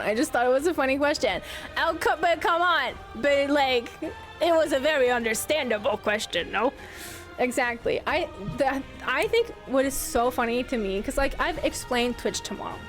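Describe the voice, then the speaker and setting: Casting note: young woman streamer, very high and lively voice, chatty and giggly, faint music underneath. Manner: giggly, chatty, reads and answers chat. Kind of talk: casual livestream chat with viewers.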